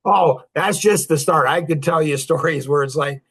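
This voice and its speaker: Guesting on a podcast, a fifty-something man tells casual stories full of jokes, boasts and laughter. His fairly high voice is expressive, a bit bright with a breathy edge, moving at a normal speed with few pauses.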